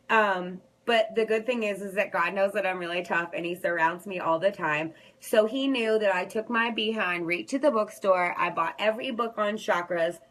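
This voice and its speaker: A woman's voice: medium pitch, fairly bright tone, poor audio. A woman vlogger telling a personal story straight to her viewers in a candid, rambling way.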